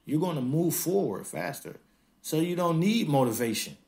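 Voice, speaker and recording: A man hosting a podcast in a casual monologue, blunt and emphatic, laughing often and acting out others in quick mocking asides. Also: on the high side, lively intonation, vocal fry, a little mellow. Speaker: podcast host.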